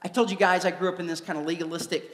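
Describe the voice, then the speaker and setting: A man, a former youth pastor, giving a live preaching talk in an animated, joking storytelling manner in a large church hall. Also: high-pitched, racing. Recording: echoey hall with long reverb.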